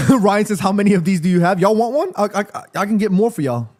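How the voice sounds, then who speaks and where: Excitable high-voiced man hosting a stream. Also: quick pace. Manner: excitable, reads viewer messages aloud, swears. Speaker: live stream host. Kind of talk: casual live-stream watchalong chat.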